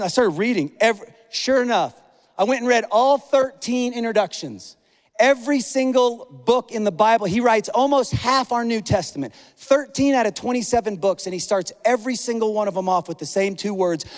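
A pastor preaching a conversational, animated sermon, acting out the voices he quotes. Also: sits high, long reverb tail.

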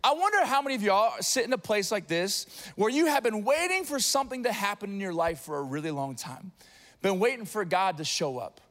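A man with a high, bright pitch preaches to his congregation in a church. He tells stories with energy, dropping low and quiet, then rising loud. He sounds like a pastor in his thirties. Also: brisk. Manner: animated storytelling, swinging from hushed to loud. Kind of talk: sermon. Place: church sanctuary.

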